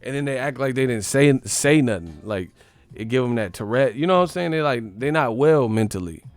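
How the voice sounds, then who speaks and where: A man from the Bay Area hosting a sports live stream, ranting in a profane, animated, comedic way and laughing often. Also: medium pitch, brisk, dry recording, faint music behind. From San Francisco Bay Area.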